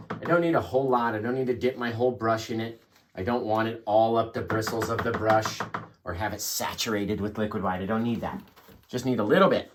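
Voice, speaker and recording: A man hosting a live painting tutorial, chatting and encouraging viewers as he works. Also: medium pitch. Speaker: painting instructor.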